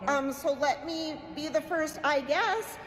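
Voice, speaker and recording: Woman, Minnesota accent, high voice, phone recording, echoey hall, faint ambience. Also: slow pace, slight background noise. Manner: plain, hesitant, with many ums. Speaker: state representative. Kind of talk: phone video report. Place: indoor building hall.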